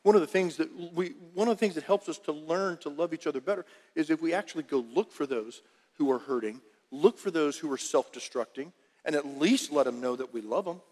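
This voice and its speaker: A male pastor preaching a sermon in an animated, emphatic way, often repeating phrases. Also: on the high side, brisk, long reverb tail.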